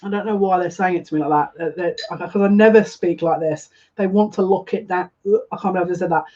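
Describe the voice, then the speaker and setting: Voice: mid-range voice, fast talker, a little mellow. A tarot reader giving a live reading in a casual way. They often repeat phrases and keep saying "yeah, look.". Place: home room, lighting incense. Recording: dull lo-fi with faint noise.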